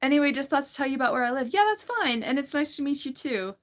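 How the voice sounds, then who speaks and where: A woman's voice: high voice, animated, fast, a bit bright. A woman hosting a casual livestream, reading viewer comments aloud in a chatty, giggly way and often restarting her sentences. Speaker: livestream host.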